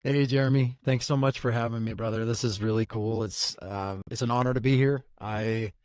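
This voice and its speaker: A man guesting on a podcast who talks in a grateful, halting way with many restarts. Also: mid-range voice, steady tone, a little mellow, no room sound, clean studio sound. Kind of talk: casual interview chat.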